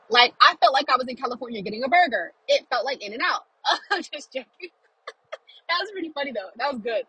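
A woman vlogging a casual, chatty film review from her car while driving, animated and full of quoted reactions. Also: fairly high pitch, brisk, slightly rough, no room sound, poor audio.

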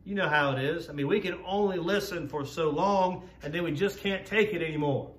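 A man preaching a sermon as a pastor, in an earnest, measured way, slowing down to stress key words. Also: on the high side. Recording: roomy echo, voice from a distance.

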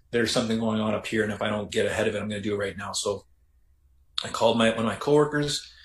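A Canadian man, a former correctional officer, recounting his story in a reflective, halting way with many restarts. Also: on the low side. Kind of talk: casual storytelling interview. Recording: roomy echo.

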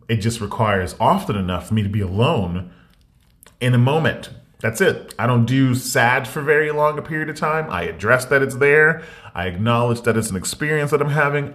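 Guy ranting into his camera, blunt, keeps repeating himself, normal pitch. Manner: blunt, animated, repetitive. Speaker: vlogger. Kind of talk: casual ranting monologue.

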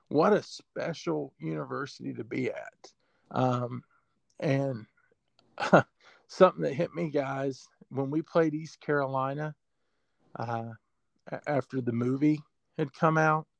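Gravelly, emotional man telling a story. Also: medium pitch, no room sound. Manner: emotional, halting with fillers. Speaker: sports information director. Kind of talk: storytelling in an interview.

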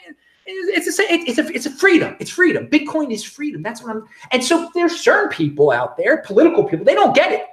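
A man's voice: extremely high pitch, huge pitch swings, quick pace. A man hosting his own cryptocurrency show, talking in a sarcastic, rambling way with frequent restarts and chuckles. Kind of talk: casual livestream commentary.

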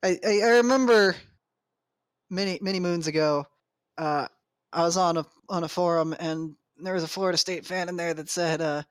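Lower-voiced lady on a sports podcast, sarcastic, laid back, dry sound. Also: normal speed, dry recording. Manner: wry, sarcastic, easygoing, swears. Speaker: podcast co-host. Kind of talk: casual sports chat.

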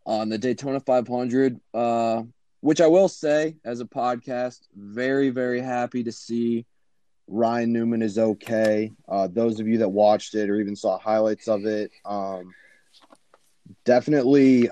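A man co-hosting a sports betting podcast, speaking haltingly with many fillers. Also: mid-range voice, mellow, dry recording. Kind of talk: casual podcast chat.

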